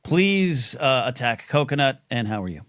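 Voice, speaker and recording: A man hosting a live call-in talk show, rambling and excitable with lots of restarts. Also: mid-range voice, normal speed, no echo. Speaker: host.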